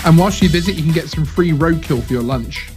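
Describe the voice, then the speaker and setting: A man's voice: on the high side, fairly quick, over music. A man co-hosting a casual live-stream chat, agreeable and chiming in with short remarks.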